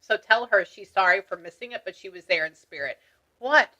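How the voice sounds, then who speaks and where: A woman spiritual medium giving a reading, animated and exclamatory, breaking off to mutter asides. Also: medium pitch, fairly quick. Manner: excited, exclamatory.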